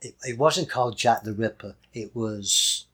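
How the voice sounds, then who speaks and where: A man's voice: mid-range voice, measured pace, a bit bright, husky. A man with an English accent co-hosting a podcast in casual chat, rambling and playful, often correcting himself. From England. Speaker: podcast co-host.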